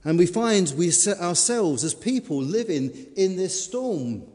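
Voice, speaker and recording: A man's voice: sits high, lively intonation, measured pace, dark tone. A man preaching a sermon, telling a story with dramatic, shifting emphasis. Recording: long hall reverb.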